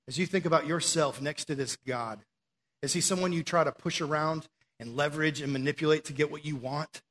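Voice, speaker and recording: A young male preacher delivers a sermon with a high voice and a lively, conversational punch. He talks to the room casually, then leans hard into key phrases for emphasis. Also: brisk.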